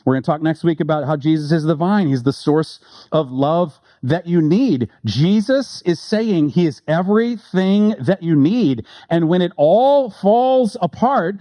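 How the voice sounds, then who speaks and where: A male pastor giving a relaxed, conversational sermon, joking with listeners and slowing down to read quotes with weight. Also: a little high, no echo. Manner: conversational and joking, reads quotes slowly with emphasis.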